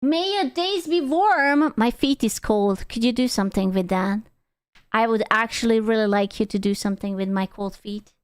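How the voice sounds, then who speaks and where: A woman's voice: mid-range voice, fairly even intonation, normal speed, smooth, no room sound. A young woman streamer chatting casually with her chat, rambling, teasing and swearing freely.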